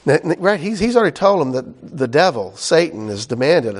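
A man's voice: fairly high pitch, expressive, a little fast. A man teaching a sermon verse by verse, in a casual, conversational way with many fillers and "right?" asides. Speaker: pastor.

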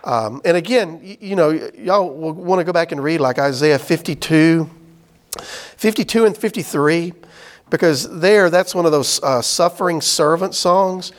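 A man teaching a Bible class, chatting casually and reading scripture aloud slowly. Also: fairly high pitch. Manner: conversational, explains with "right?" and "y'all", reads scripture aloud slowly.

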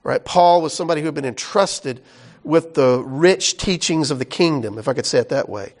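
A high-voiced male pastor delivers a conversational sermon in an easy, folksy, animated manner, speaking fairly quickly. Between points he breaks into exclamations and side remarks.

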